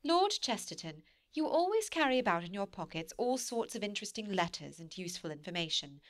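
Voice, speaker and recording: A woman's voice: mid-range voice, very animated, fairly quick, no room sound, studio quality, natural voice. A woman voicing an eager, playful young wife who coaxes and wheedles. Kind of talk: audiobook character reading.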